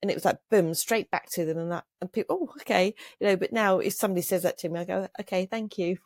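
A woman's voice: medium pitch, fairly even intonation, fast, darkish tone, dry recording, studio quality. A middle-aged woman, a trauma coach, speaking earnestly and reflectively as an interview guest. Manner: earnest, reflective, with frequent restarts. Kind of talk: casual interview conversation.

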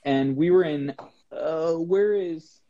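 A long-distance hiker appears as a guest on the show, his voice a little high and his delivery slow. In a casual chat he tells a story animatedly, acting out the dialogue. The audio is dull and lo-fi with faint noise.

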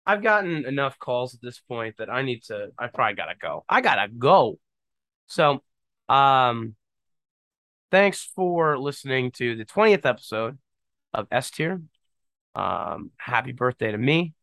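A man's voice: mid-range voice, big pitch swings, normal speed, sharp tone, dry recording. A young man hosting his own podcast, rambling casually with jokes and lots of fillers. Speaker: podcast host. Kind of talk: casual solo podcast monologue.

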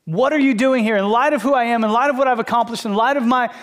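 A man's voice: high-pitched, lively intonation, a little slow. A man voicing God, pressing and insistent. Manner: insistent, repeating questions. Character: God gently rebuking a runaway prophet.

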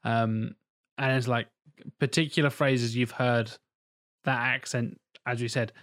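A man's voice: mid-range voice, fairly even intonation, unhurried, a bit bright, dry recording, clean studio sound. A man talking casually about accents and voice acting, rambling with restarts. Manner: rambling, with restarts and sudden put-on accent bursts.

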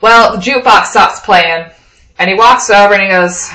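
A woman from Wyoming telling a lively anecdote in a casual way, acting out the lines of the people she met. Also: medium pitch, normal speed, roomy sound, poor audio. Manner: lively anecdotal, acts out quoted dialogue. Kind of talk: casual storytelling.

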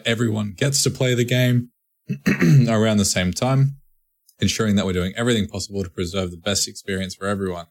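A man co-hosts a casual podcast with a fairly low voice. He reads news items aloud in a slightly formal tone, then breaks into jokey, profane riffs. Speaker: podcast co-host.

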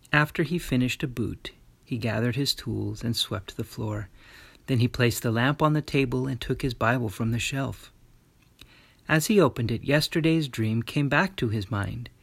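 A man reads a storybook tale aloud, his voice husky with a touch of breath. He tells it in a gentle, measured way. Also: mid-range voice. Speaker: narrator. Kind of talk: storybook narration.

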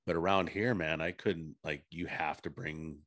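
A man from the Pacific Northwest in casual chat, laid-back and halting, often starting sentences over. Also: very deep voice, steady tone, a bit bright.

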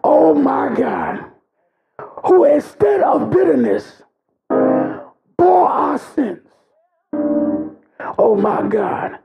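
Man preaching hard, real high gravelly voice, cries and shouts, kinda muffled lo-fi recording. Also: sing-song, drawn-out words, long pauses, over music. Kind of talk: sermon.

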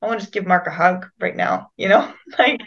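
A woman's voice: mid-range voice, brisk, vocal fry. A woman co-hosting a podcast, affirming and supportive, often restarting her sentences. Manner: warm, affirming, hesitant restarts. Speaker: podcast co-host. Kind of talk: casual chat. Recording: slightly dull audio.

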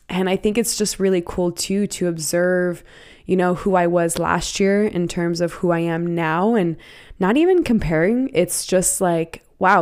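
A young woman hosts her own podcast in a loose, bubbly solo chat, wandering through spiritual musings. Her voice sits a little low and sounds a bit raspy. She talks with eager, rambling warmth. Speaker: podcast host and self-healing coach.

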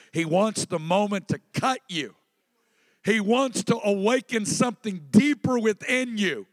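High-voiced male preacher, hall reverb. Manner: conversational preaching that prompts the congregation to respond. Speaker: pastor. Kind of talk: sermon.

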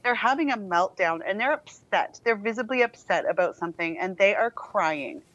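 Woman co-host, calm and explanatory, slightly lo-fi recording. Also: medium pitch, moderate pace, a little hiss or hum. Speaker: parenting podcast co-host. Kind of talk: casual chat.

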